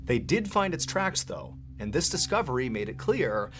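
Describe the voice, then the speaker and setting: A man narrating a scripted story with suspense, slowing down and dropping low at tense moments. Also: sing-song, over music. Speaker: storyteller in a played video.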